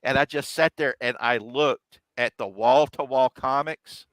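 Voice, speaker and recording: A middle-aged man hosts a casual chat and tells a long personal story with animated energy, acting out what the other people said. His voice sits at an average pitch with a bright, forceful edge. The sound is dry and close to the mic. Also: unhurried, no room sound, rough recording. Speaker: host.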